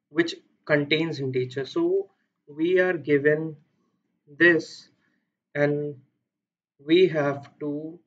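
A man's voice: on the high side, dull audio. A man with an Indian accent walking through a coding problem step by step, thinking aloud with many fillers and self-corrections. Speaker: coding tutor. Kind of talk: screen-recorded coding walkthrough.

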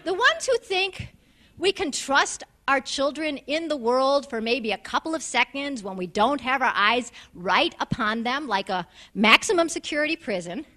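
Woman, New York accent, high voice, bright tone, animated comic storytelling. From United States. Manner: animated, acts out voices with quick asides. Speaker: speaker telling a story to an audience.

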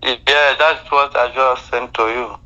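A man's voice: medium pitch, fairly even intonation, measured pace, sharp tone. A man on a phone call who keeps pleading with her to hold on and listen. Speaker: scam caller. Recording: muffled phone line.

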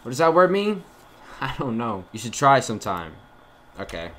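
A young man's mid-range voice is very animated and a bit bright as he delivers jokey horror-game commentary at a normal speed. Speaking directly to viewers in a chatty manner, this gaming YouTuber sits in a dark room at home with a desk mic and a face cam.

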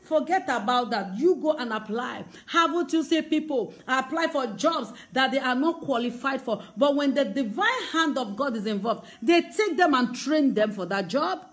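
A woman's voice: high-pitched, lively intonation, moderate pace, hardly any pauses. A woman evangelist, preaching a sermon full of emphatic, repeated rhetorical questions.

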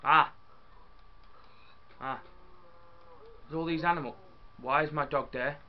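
A young man chatting casually as he plays a building game, excitable and talking to his viewers and his in-game dog. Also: fairly high pitch, slow, lo-fi sound, a little hiss or hum. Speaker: gaming YouTuber.

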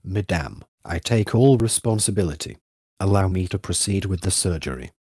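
A man's voice: sits low, animated, moderate pace, darkish tone, husky, dry recording, studio quality. A man voicing a stern, solemn chief surgeon.

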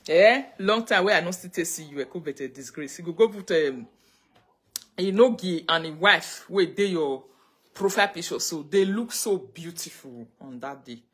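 A woman with a fairly low, breathy-edged voice talks with animation at a moderate pace. In her Nigerian Pidgin English accent, she hosts a relaxed phone live stream, greeting and chatting with viewers and now and then breaking into chanted prayer.

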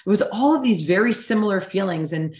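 A woman's voice: medium pitch, expressive, a little fast, darkish tone, roomy sound. A woman coach in her thirties telling a personal story in a casual, emotionally open way with lots of fillers. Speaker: hypnotherapy coach.

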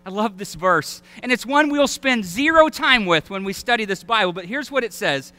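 A male pastor with a Southern American accent, preaching an animated sermon that acts out voices and quotes. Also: high voice, moderate pace, hardly any pauses. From Alabama. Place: church sanctuary.

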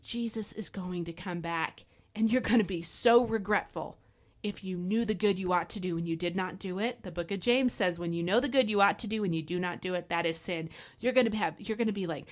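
A woman hosting a devotional podcast, preaching fervently and urging listeners to act, with folksy asides and repeated emphasis. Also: fairly low pitch. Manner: fervent, exhorting, direct address to listeners. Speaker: podcast host and Bible teacher.

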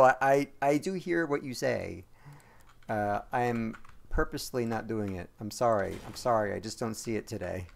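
A man streaming a game live, chatting and rambling to his viewers, joking and quick to apologize. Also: on the low side, creaky. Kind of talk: live gameplay commentary to chat.

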